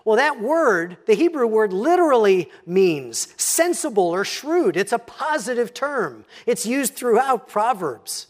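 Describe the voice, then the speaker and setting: A pastor preaching a sermon, teaching in a measured tone and reading scripture aloud. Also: medium pitch, big pitch swings.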